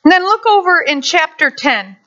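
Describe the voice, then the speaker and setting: Lively high-voiced woman pastor preaching. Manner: animated, acts out quick voices. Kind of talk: sermon. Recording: dull lo-fi sound.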